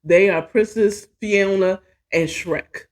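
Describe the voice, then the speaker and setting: A woman's voice: medium pitch, takes it slowly. A woman hosting her own show, telling a personal story in a casual, candid and profane monologue, often poking fun at herself. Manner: candid, profane, chatty and self-mocking. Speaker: podcast host.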